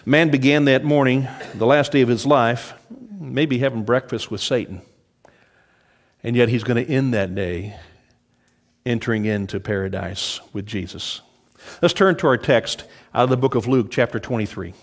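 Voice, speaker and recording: A middle-aged man preaching a sermon, lively in delivery, dropping low and soft when quoting scripture. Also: normal speed. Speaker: pastor.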